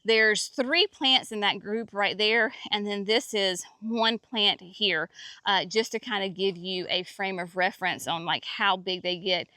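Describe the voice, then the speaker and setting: Woman, garden vlog host, folksy and enthusiastic, bright tone, dry sound. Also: medium pitch, fairly even intonation, measured pace, dry recording. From North Carolina, US. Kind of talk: casual garden walk-through vlog. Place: outdoor garden.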